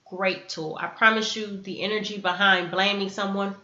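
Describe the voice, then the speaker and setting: A woman gives a self-help lesson to the camera, earnest and acting out sample dialogues. Her medium-pitched voice is steady and sharp, at normal speed with hardly any pauses, recorded in an echoey room with dull lo-fi sound.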